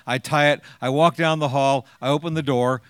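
A man's voice: mid-range voice, steady tone, normal speed, clear, resonant tone, dry recording, clean studio sound. A man in his sixties sharing his personal testimony with an audience, as a chatty, joking storyteller who acts out the lines he quotes.

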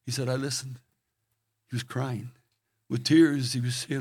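An older man preaching a sermon, telling stories with earnest feeling and dropping from loud emphasis to hushed tones. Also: medium pitch, little pitch movement, a little slow, long pauses, slightly rough, no echo.

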